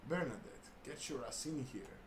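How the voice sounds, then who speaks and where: A man's voice: mid-range voice, moderate pace, pitched above the performer's own voice, lightly acted. A man voicing a domineering woman boss who barks orders in a commanding manner. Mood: bossy. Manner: bossy, commanding. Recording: roomy room with faint hiss.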